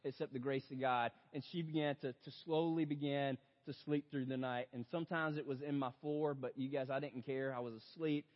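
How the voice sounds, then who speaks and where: A young adult man preaching a sermon as a story, talking straight to his listeners and swinging between loud outbursts and hushed reflection. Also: medium pitch, steady tone, brisk, few pauses. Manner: storytelling, addresses audience as "you guys". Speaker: pastor. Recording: dull lo-fi sound in a big reverberant hall.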